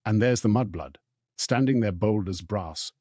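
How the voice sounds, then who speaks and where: Man voicing a hoarse, grumbling old house elf. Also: a little slow, mellow, dry recording, clean studio sound. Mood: muttering. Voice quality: hoarse, deep, croaking. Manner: resentful grumbling under breath. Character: bitter old male house elf, muttering.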